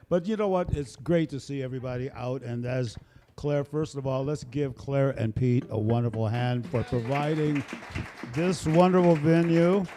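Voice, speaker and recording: An older man chats from a small stage, rambling through introductions with plenty of jokes. His voice is mellow and dark, sitting at an ordinary pitch. He sounds relaxed and easygoing, like a bandleader at home with his audience. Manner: jovial, rambling, joking. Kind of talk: casual stage banter. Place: small performance space, live audience. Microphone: stage microphone.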